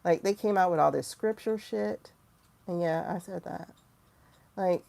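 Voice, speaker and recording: A tarot livestream host tells a story in casual, candid talk, quoting herself and others and tossing in profane asides. Her mid-range voice is gravelly and a little mellow, moving at a measured pace.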